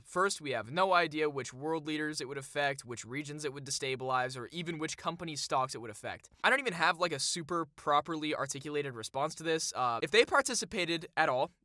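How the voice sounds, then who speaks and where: A man's voice: on the high side, pushed and bright, no echo, clean studio sound. A young man ranting through commentary on an article with a sarcastic, heated and blunt manner.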